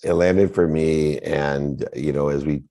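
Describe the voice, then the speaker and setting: A man with an extremely deep, mellow voice hosts a motivational talk over a remote call. He sounds encouraging and reflective as he sums up a lesson. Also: steady tone, slow pace. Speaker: host.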